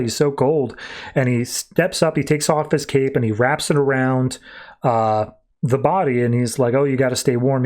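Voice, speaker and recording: A man on a podcast casually recapping a comic book, acting out the characters' lines in quick shifting voices. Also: mid-range voice. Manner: animated, acts out character quotes in shifting voices. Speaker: podcast host.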